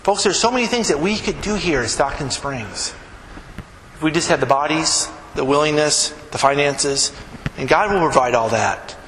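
High-voiced pastor preaching in an echoey hall. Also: male voice, expressive, normal speed, a bit bright. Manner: conversational preaching with quoted dialogue, emphatic rising peaks. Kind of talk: sermon. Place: church sanctuary. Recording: echoey hall, background noise.

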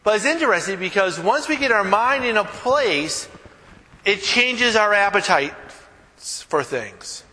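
A man's voice: sits high, expressive, unhurried, pushed and bright, long reverb tail. A man preaching a sermon as pastor, talking casually with anecdotes, many fillers and restarts. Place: church.

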